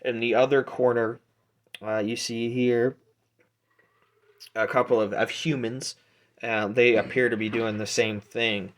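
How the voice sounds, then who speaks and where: Halting male game master. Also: mid-range voice, little pitch movement. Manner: halting, many fillers and restarts. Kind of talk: narrating a tabletop game.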